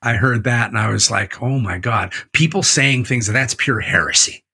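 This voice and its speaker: Male interview guest, rough fry in the voice, breathy texture, profane storyteller. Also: medium pitch, normal speed, sharp tone. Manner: profane, emphatic, retelling a book scene by scene. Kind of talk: candid conversational storytelling.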